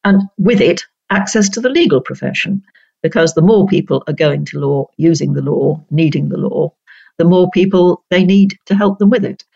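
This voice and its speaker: An older woman from North Yorkshire, a retired judge, telling stories in an interview in a measured, precise way with frequent laughter. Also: on the low side, gravelly, dark tone, husky, no echo, highs cut off. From North Yorkshire, England. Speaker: guest, retired senior judge. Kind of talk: reflective interview storytelling.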